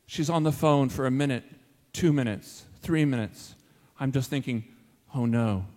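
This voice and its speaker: Animated man telling a story in a hall. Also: mid-range voice, normal speed. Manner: animated, self-mocking storyteller. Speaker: school teacher telling a personal story. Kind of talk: first-person storytelling to an audience.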